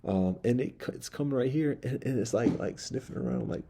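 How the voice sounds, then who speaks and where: A man's voice: mid-range voice, lively intonation, fast, gravelly, noisy background. A man telling a personal story in a casual, rambling monologue with many asides. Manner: rambling, loose, full of fillers and asides.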